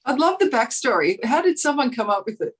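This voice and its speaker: Woman cohost, husky breathy voice, kinda high, laughs easy. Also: big pitch swings, a little fast. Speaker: co-host. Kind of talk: comedy banter.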